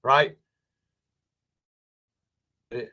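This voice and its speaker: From his home basement, a wrestling streamer in his forties launches into an angry, profanity-laden rant, asking "right?" over and over. He speaks very slowly with a bright, forceful tone, and the recording sounds muffled.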